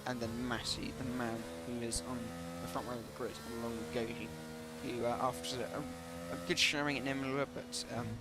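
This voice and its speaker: A man's voice: medium pitch, level tone, fairly quick, few pauses, very noisy. Hesitant man commentating a sim race. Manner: hesitant, full of ums and self-corrections. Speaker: league race commentator and streamer. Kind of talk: live race commentary on a stream.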